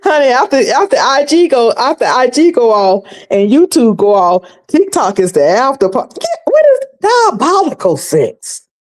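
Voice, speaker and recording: A woman's voice: a little high, animated, normal speed, hardly any pauses. Chatty woman in her fifties. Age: 50s. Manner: chatty, laughs often, many restarts. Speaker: commentary channel host. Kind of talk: casual commentary.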